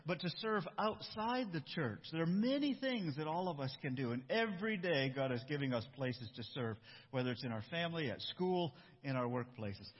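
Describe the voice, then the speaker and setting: A man pastor giving a sermon and reading a storybook aloud, with relaxed, self-interrupting asides. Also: fairly high pitch, moderate pace. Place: church. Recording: dull echoey church hall.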